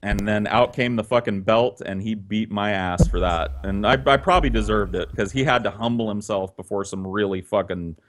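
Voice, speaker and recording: A man telling a story casually, animated and profane, laughing often. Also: on the low side, normal speed, few pauses, a little hiss or hum. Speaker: podcast storyteller.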